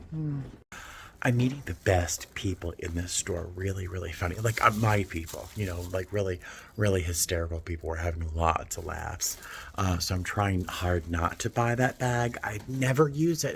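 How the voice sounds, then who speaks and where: Excitable gravelly man whispering over antiques. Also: fairly low pitch, measured pace, a little hiss or hum. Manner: excitable, gushing, sometimes whispering to himself. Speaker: vlogger. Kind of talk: casual vlog commentary. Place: indoor antique store.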